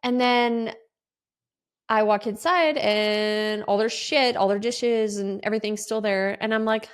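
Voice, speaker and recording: A woman's voice: medium pitch, steady tone, measured pace, clear, resonant tone. A woman in her forties hosting a podcast, telling a rambling, exasperated story in a casual style and swearing freely. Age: 40s. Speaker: podcast host.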